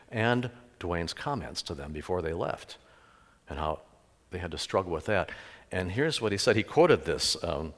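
A middle-aged male pastor preaching a sermon in a church, telling stories with sudden loud emphases. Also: deep voice. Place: church sanctuary. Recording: echoey church hall with long reverb.

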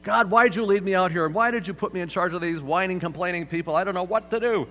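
A man's voice: high-pitched, fast talker, fairly bright tone, voice pushed up. A man voicing an anxious male leader who pleads in exasperation with God. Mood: exasperated. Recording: hall reverb, faint mains hum.

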